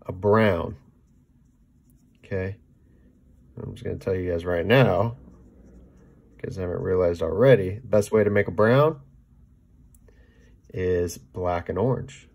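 A man giving a casual painting demonstration, chatting as he mixes paint, often checking in with "okay?" and trailing off softly mid-task. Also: on the low side, unhurried, vocal fry, pauses often, husky. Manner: talks while mixing paint, trailing off softly. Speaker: painting instructor.

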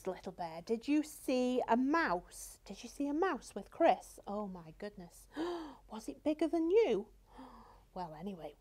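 A female librarian leading a children's singalong storytime, speaking with playful exclamations to a toy bear and young viewers. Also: medium pitch. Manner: warm-hearted exclamations, slow and deliberate for little kids.

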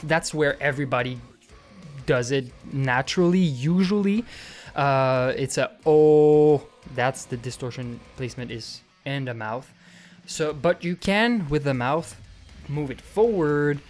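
Brief: young man, casual tutorial talk, mid pitch, faint music behind. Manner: explains with many fillers and "okay?" check-ins. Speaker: vocal tutorial creator.

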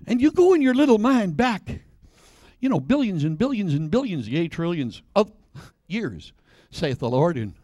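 An older man preaching a sermon in church, telling folksy stories and breaking into shouts. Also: high-pitched, dry recording, clean studio sound. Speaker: pastor.

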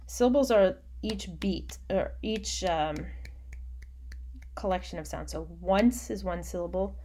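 A woman teacher giving a recorded online lecture, explaining patiently and often dropping into quiet muttering as she works. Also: medium pitch, a little slow, slight background noise.

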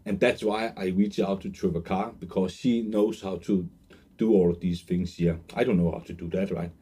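A man in his twenties telling an earnest, emotional personal story as a sales pitch, with many fillers and restarts. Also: steady tone, normal speed, dark tone, husky. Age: 20s. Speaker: online marketer pitching a course.

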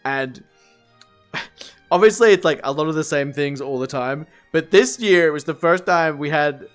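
A man's voice: fairly high pitch, moderate pace, faint music behind. A man chatting casually on a livestream, rambling, swearing and laughing often.

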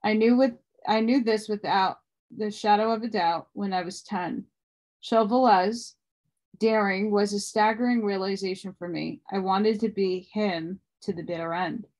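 A woman reading a book aloud at a steady pace, now and then stumbling and restarting a word. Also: mid-range voice, measured pace. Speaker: audiobook reader.

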